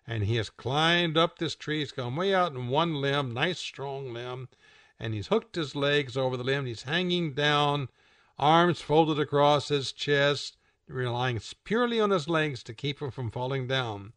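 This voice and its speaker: A man's voice: medium pitch, a little slow, no room sound. A man hosting a radio show, casually describing comic strips aloud and laughing at the jokes. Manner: relaxed, chatty, laughs at the jokes.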